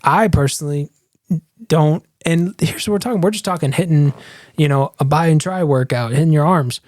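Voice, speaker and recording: A man's voice: on the high side, a little mellow, no room sound, studio quality. Emphatic man riffing on football. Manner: fast, emphatic, rambling with restarts. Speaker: podcast co-host. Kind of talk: casual sports chat.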